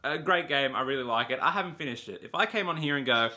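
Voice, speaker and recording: Brief: male games vlogger, casual exasperated rant, bright forceful voice pitched a little high. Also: expressive, racing, hardly any pauses. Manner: blunt, swearing, exasperated ranting. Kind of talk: casual ranting monologue to camera.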